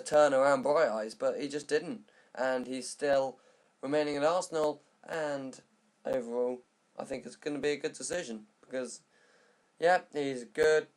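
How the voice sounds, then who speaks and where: A young man casually recapping the week's football news in a vlog. He rambles and jokes, often correcting himself mid-sentence. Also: medium pitch. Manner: rambling, jokey, self-correcting.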